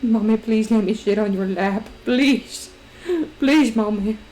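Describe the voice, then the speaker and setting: A woman's voice: mid-range voice, slow, a little mellow, lightly acted, poor audio. A woman voicing her clingy little female dog, pleading in a whiny, babyish way. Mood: pleading whine.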